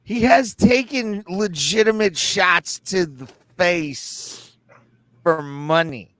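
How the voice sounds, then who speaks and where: A man's voice: sits high, slow pace, fairly bright tone, no echo. A man co-hosting a podcast, chatting casually with wry, sarcastic remarks. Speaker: podcast co-host. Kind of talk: casual chat.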